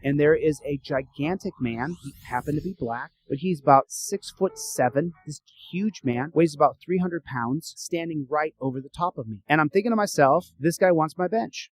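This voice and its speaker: A man telling a story in a casual, animated way, acting out the dialogue. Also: a little high, normal speed, hardly any pauses, low-quality recording. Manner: animated, acts out dialogue with rising urgency.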